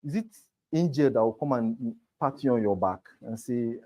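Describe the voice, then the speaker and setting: A man's voice: mid-range voice, normal speed, dark tone. A man teaching a sales class, emphatic and talking straight to his students. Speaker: real estate sales trainer. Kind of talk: motivational class lecture.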